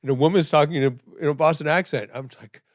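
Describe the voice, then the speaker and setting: As a podcast guest, a middle-aged man tells a rambling story, checking in with "right?" and dropping to a hush at grave moments. His voice is on the high side and racing, with studio-quality sound and no echo.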